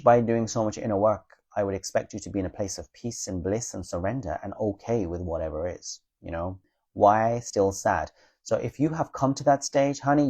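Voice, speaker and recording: A man answers viewers' questions in a live chat, speaking bluntly and matter-of-factly with an occasional teasing edge. His voice sits fairly low and carries a gravelly, creaky texture. The tone is dark and mellow rather than bright.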